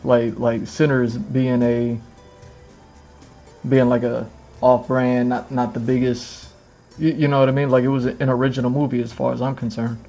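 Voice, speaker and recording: Indoors in front of a camera with lights, a streamer chats casually, rambling, repeating phrases and filling gaps with "you know what I mean". His mid-range voice has little pitch movement, a moderate pace and a warm tone, with faint music behind.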